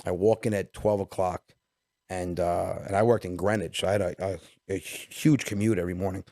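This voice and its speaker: Comedian guest in his 40s, New York Italian-American accent, low-pitched and quick, dry close mic. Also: no echo. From Westchester, New York. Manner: animated storyteller, quick bursts, acts out dialogue. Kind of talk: casual podcast storytelling.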